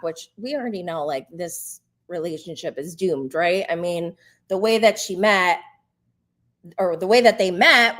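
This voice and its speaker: A woman casually recapping a reality TV episode, chatty and sarcastic, often laughing, swearing freely and mocking people in a squeaky quoted voice. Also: a bit bright. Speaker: host.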